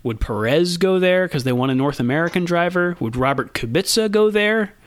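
A man hosting a casual podcast chat, relaxed, laughing easily and filling pauses with ums and uhs. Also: a little high, no room sound. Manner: relaxed, laughs often, many fillers. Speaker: podcast host.

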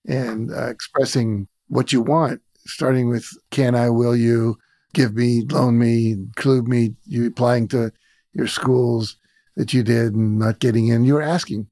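A man's voice: medium pitch, steady tone, unhurried, warm tone, dry recording, clean studio sound. A man hosting a podcast interview, chatting casually and telling reflective stories. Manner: storytelling, reflective. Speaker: podcast host.

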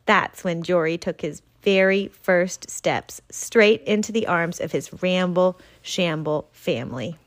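A woman reading a children's picture book aloud in an expressive storytelling voice. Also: on the low side, measured pace, hardly any pauses. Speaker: reader.

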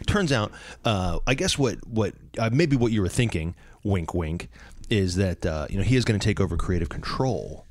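Brief: male podcast host, animated and teasing, quick back-and-forth. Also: on the low side, dry recording, studio quality. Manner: quick interjections, playful teasing. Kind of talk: casual chat.

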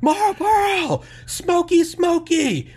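A man impersonating a screaming, foul-mouthed adult male stand-up comedian, yelling high and loud. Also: lively intonation, slow pace, exaggerated voice. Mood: ranting.

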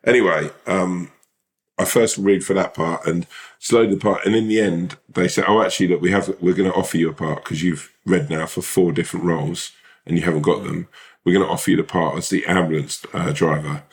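Deep-voiced rambling man. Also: steady tone, fairly quick. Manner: rambling, lots of fillers and swearing. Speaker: podcast co-host; actor. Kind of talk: casual chat.

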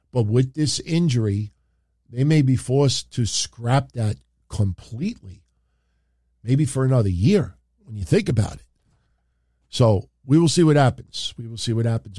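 A man's voice: medium pitch, a little mellow, no room sound, studio quality. A man hosting a casual wrestling recap, chatting straight to his viewers with plenty of fillers. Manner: chatty, addresses the audience directly, many fillers. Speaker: wrestling show host.

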